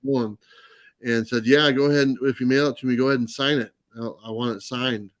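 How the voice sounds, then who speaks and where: A man's voice: medium pitch, steady tone, fast talker, dry recording. A man telling a long anecdote in a casual livestream chat, full of fillers and restarts. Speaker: comics channel host. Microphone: live stream mic.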